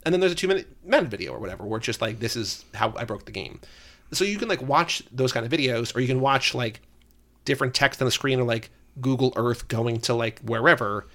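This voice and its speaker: Male podcast co-host, mid-pitch, eager casual talker. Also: expressive, fast, a bit bright. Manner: enthusiastic, leans heavily on "like".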